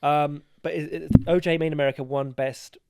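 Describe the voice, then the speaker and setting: A young man chatting as a podcast guest, telling stories with animation, laughing and swinging between loud and soft. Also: on the high side, fairly even intonation, a little fast, very noisy. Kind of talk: casual chat. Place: podcast recording.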